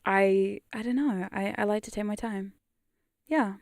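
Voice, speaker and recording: A woman's voice: mid-range voice, moderate pace, a little mellow, no echo. British woman, casual stream chat, rambling and self-mocking, dry close condenser mic. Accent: British, drifting toward New Zealand. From United Kingdom. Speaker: hypnosis content creator. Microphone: studio condenser mic.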